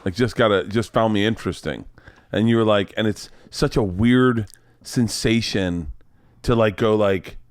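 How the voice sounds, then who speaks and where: A man's voice: fairly low pitch, no room sound, clean studio sound. A man from the American South hosting a podcast, talking eagerly and bluntly in casual chat. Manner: eager, blunt interviewer, quick talker. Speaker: podcast host.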